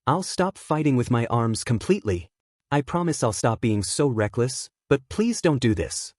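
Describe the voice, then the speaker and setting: Male reader as a scared teenage hero-in-training. Pleading, distraught, lively. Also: medium pitch, moderate pace, no echo, studio quality.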